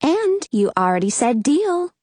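A woman's voice: sits high, big pitch swings, measured pace, darkish tone, dry recording, voice pushed up. A woman voicing a playful young woman who loves books, speaking in a teasing, sing-song way in an audiobook reading.

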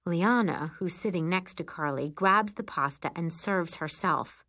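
A woman narrating a first-person children's story aloud, with an expressive sing-song lilt. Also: lowish voice, a little slow, few pauses. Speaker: audiobook narrator.

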